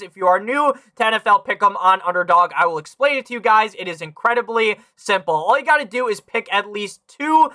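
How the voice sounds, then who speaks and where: A man's voice: high-pitched, pushed and bright, no echo, clean studio sound. A young man hosting a fantasy football podcast, talking casually, brash and foul-mouthed, speaking straight to his listeners. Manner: brash, swears freely, talks to listeners directly; reads a sponsor ad. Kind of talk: casual profane sports analysis.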